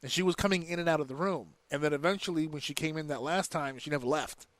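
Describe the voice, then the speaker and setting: A fairly high-voiced man talks wrestling on a podcast, getting worked up and swearing freely. The sound is dry and close. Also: fast, no echo. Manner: animated, profane, rants excitedly. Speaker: podcast co-host. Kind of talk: casual wrestling podcast chat.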